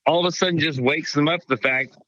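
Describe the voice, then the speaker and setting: A man's voice: on the high side, steady tone, quick pace, sharp tone, no room sound, muffled recording. A man, a pastor, chatting on a church podcast in a playful, teasing way. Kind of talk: casual church podcast chat.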